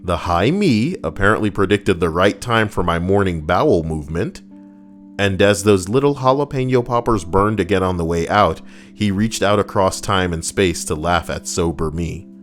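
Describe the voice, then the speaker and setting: Deep-voiced man reading stories sarcastically. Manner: sarcastic, rambling asides. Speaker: host reading and reacting to online stories. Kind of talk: comedic reading with commentary.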